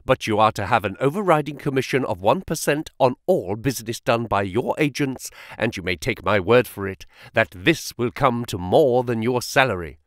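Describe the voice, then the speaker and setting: A man voicing a brisk, smooth-talking male financial agent who speaks quickly and sharply in an audiobook reading. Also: mid-range voice, no room sound, clean studio sound, lightly acted. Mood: persuasive. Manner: quick, sharp, flattering and excitable. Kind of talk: audiobook character voice.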